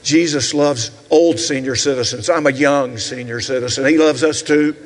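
A man in his sixties with a Southern US accent, preaching a sermon as pastor with shouted, rhythmic repetitions and asides to the congregation. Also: mid-range voice, fairly even intonation, normal speed, in a large hall. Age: 60s. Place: church sanctuary.

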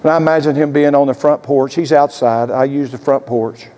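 A male pastor preaching a sermon, telling a story dramatically and swinging between loud and hushed delivery. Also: medium pitch, steady tone, brisk, in a large hall.

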